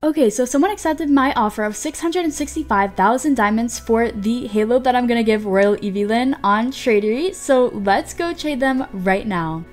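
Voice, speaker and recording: A woman hosting a gameplay vlog, talking in a gushing, excitable way and often repeating herself. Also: a little high, normal speed, hardly any pauses, faint music behind. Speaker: gaming channel host.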